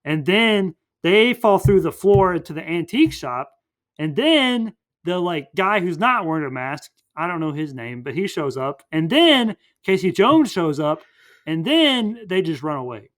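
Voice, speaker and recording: A man's voice: sits high, very animated, measured pace, a bit bright. A man hosting a podcast, casually recapping a movie in a rambling way full of fillers. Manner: rambling, filler-heavy retelling. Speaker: podcast host.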